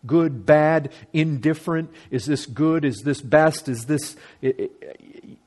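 A man's voice: a little high, takes it slowly, darkish tone. A man preaching a sermon as a pastor, earnest and emphatic, repeating phrases to drive his points home.

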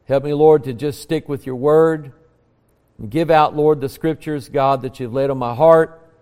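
A pastor delivers a sermon in a church, his voice riding somewhat high as he swells into emphatic declarations. He shifts between fervent preaching and hushed, earnest prayer. A long reverb trails every phrase. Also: fairly even intonation, measured pace. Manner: preaching with rising emphatic bursts, then quiet prayer. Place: church sanctuary.

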